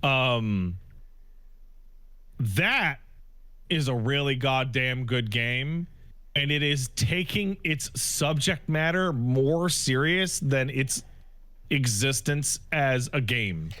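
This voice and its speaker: A man's voice: mid-range voice, animated, pushed and bright, dry recording. A man co-hosting a casual podcast, chatting loosely and swearing often. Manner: swears often, quick asides. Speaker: podcast co-host. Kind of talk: casual chat.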